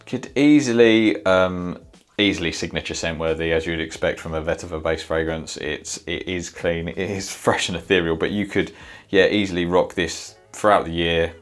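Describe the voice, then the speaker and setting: Deep-voiced male reviewer, hesitant, thinking aloud, faint music bed. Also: steady tone, brisk. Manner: sniffs and reacts in the moment. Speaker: fragrance reviewer. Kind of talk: casual product review.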